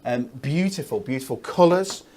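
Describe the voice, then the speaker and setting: A man's voice: medium pitch, expressive, normal speed, darkish tone. A man presenting craft products on a shopping channel, chatty and upbeat with lots of fillers. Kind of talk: enthusiastic product demonstration.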